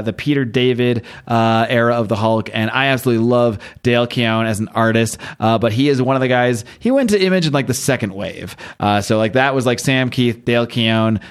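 Brief: male podcast co-host, mid-pitched, lively casual recap. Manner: animated story recap, laughs at own jokes. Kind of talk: casual chat.

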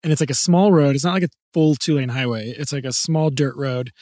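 A young adult man co-hosting a podcast, telling stories in casual chat, animated and acting out the voices of the people he quotes. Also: mid-range voice, a little fast, no room sound, clean studio sound. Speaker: podcast co-host.

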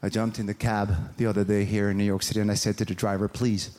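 A man with a French accent performing stand-up comedy, animated and mimicking voices and mispronunciations. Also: on the low side, fast. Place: large theater with live audience. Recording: live stage recording with audience noise.

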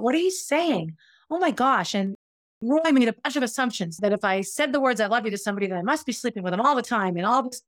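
A woman's voice: mid-range voice, no room sound, clean studio sound. A middle-aged woman hosting a podcast, telling her own story in a candid, reflective, confessional way. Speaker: podcast host. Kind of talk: personal storytelling.

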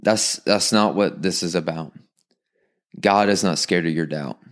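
A man with a low-pitched voice delivers a sermon to his congregation. He keeps it casual and lively, reading a passage aloud and breaking into quick acted asides as he goes. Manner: conversational, animated preaching with quick acted asides. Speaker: pastor.

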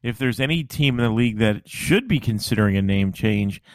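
A man's voice: on the low side, animated, a little fast, darkish tone, dry recording. A man co-hosting a casual podcast chat, wry and joking, often laughing at his own lines. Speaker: podcast co-host. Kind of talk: casual chat about fantasy baseball.

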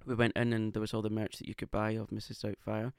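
A man's voice: on the low side, flat delivery, quick pace, gravelly, smooth, no room sound, studio quality. A man co-hosting a casual podcast, camp and playfully teasing. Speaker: podcast co-host. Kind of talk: casual chat. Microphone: podcast microphone.

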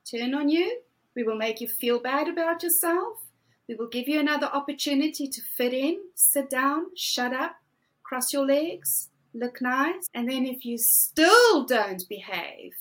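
Woman, 40s, high voice, unhurried, emphatic motivational coach. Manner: emphatic, animated, drawn-out phrasing. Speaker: guest, fear coach. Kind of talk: motivational interview talk.

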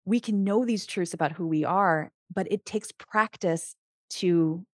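Earnest and lively, a middle-aged woman working as a Christian life coach talks on a casual podcast, often restarting what she's saying. Her voice sits on the low side and she speaks unhurriedly, in studio-quality audio with no room sound.

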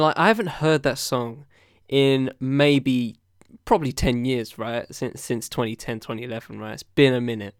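A man's voice: mid-range voice, clear, resonant tone, no echo, studio quality. A man hosting a casual podcast, talking through albums in a loose, rambling way with many fillers and restarts. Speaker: podcast host reviewing albums. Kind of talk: casual chat.

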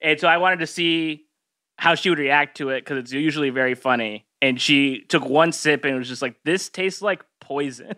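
A man's voice: fairly high pitch, steady tone, normal speed, sharp tone, smooth, no echo, studio quality. A man guesting on a podcast, chatting casually and laughing often. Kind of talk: casual chat.

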